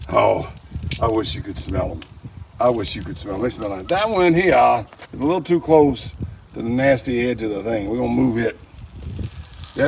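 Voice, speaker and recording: A man's voice: medium pitch, gravelly, slight background noise. A man demonstrating barbecue at an outdoor grill, with folksy joking asides. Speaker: barbecue channel host. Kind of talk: casual cooking demonstration.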